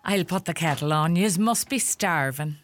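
An actress playing a middle-aged Irish farm mother, sharp-tongued and fussing, with an Irish accent. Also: on the low side, normal speed, soft background music, natural voice. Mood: hospitable. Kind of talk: comedy sketch acting.

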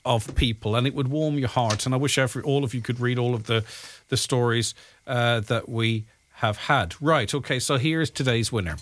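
A man's voice: medium pitch, normal speed, fairly bright tone. A man with a Donegal Irish accent presenting a radio show, chatting casually and reading out listener messages with plenty of ums and uhs. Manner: chatty and conversational, with frequent fillers.

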